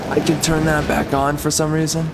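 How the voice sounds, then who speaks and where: A man's voice: fairly high pitch, monotone, moderate pace, background noise. A young man giving casual game commentary, complaining with frustration and stammering restarts. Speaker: gamer.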